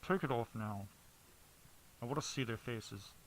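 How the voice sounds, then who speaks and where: Man playing a captor, male, gruff, curt orders, commanding. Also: mid-range voice, unhurried, a little hiss or hum, close to an everyday voice, poor audio. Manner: curt, ordering others about.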